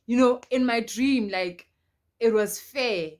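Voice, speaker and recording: A young South African woman telling a personal story to her viewers in an animated, emphatic way, repeating lines for effect. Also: on the high side, slow. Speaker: storytime vlogger. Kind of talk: casual storytelling to camera.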